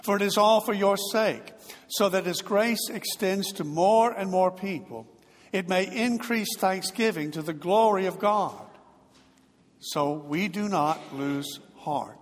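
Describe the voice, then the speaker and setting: A man preaching a sermon in a slightly high voice, telling stories with big dramatic swells in volume. His words ring out with a long reverb, as in a large church. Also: a little slow. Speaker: pastor.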